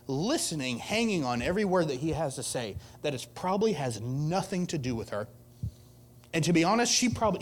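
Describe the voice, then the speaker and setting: A pastor delivering a casual, conversational sermon to a youth group, getting animated as he retells a scripture story. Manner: animated storytelling, voices Martha's complaint with rising pitch; casual, conversational preaching with fillers.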